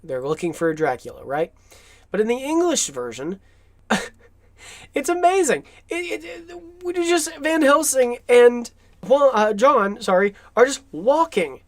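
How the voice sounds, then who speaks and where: Chatting over movie clips, an enthusiastic commentator speaks expressively and unhurriedly, his pitch swooping up and down. The talk is loose and chatty, broken by frequent laughter, and recorded close and dry with no room sound.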